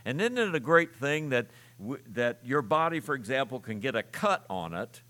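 A male pastor delivering a sermon in a relaxed, conversational teaching manner, often pausing on fillers and restarting phrases. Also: mid-range voice.

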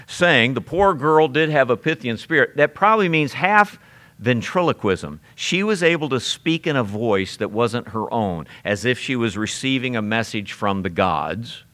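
A man preaching an expository sermon, telling the story in an animated way and briefly acting out the characters. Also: mid-range voice, a little slow.

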